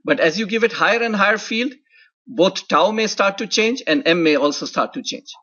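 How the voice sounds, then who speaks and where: Husky-voiced male lecturer, dull recording. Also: sits high, moderate pace, pushed and bright. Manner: explanatory, often adds "right?" and "okay?" checks. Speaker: university lecturer. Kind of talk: classroom lecture.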